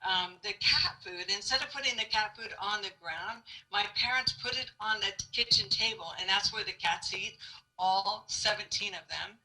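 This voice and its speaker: A middle-aged woman giving a lively spoken testimony to a student audience, acting out the quotes in her story and laughing along. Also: mid-range voice, moderate pace, low-quality recording. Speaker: guest speaker.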